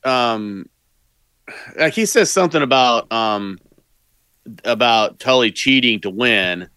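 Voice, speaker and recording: A man co-hosting a podcast, chatting casually about old wrestling shows, halting with lots of fillers and quick to laugh. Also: medium pitch, lively intonation, pushed and bright, clean tone, no echo. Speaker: podcast co-host.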